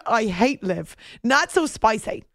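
Slow-paced and animated, this woman's voice is on the high side and a bit bright, with a dry studio-mic recording. She's hosting late-night sports radio, teasing playfully and laughing a lot, a little giddy from too little sleep.

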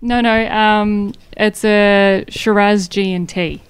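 Hesitant woman with a smooth voice. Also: mid-range voice, fairly even intonation, slow pace. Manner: hesitant, lots of ums, restarts. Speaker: podcast co-host. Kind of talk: casual chat.

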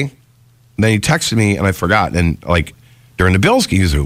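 A man's voice: on the low side, big pitch swings, fairly quick, no echo. A man co-hosting a morning radio show, chatty and joking, reading the station ID and weather. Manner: jokey, chatty, reads station IDs and weather. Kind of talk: casual radio banter. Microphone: studio microphone.

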